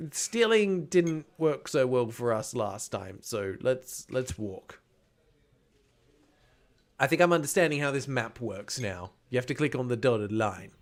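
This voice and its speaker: Young male streamer, wry and playful, reads game text slowly with a lively, bouncing pitch. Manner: playful, wry asides while reading narration. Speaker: gaming streamer. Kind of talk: let's play commentary, reading game text aloud.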